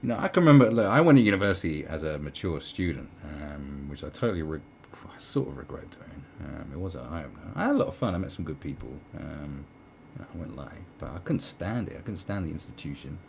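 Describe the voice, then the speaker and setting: Gravelly, deep-voiced British man ranting. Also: very animated, quick pace, hardly any pauses, a little mellow, a little hiss or hum. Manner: sarcastic, swearing, many ums and restarts. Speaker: commentary vlogger. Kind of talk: ranting video commentary.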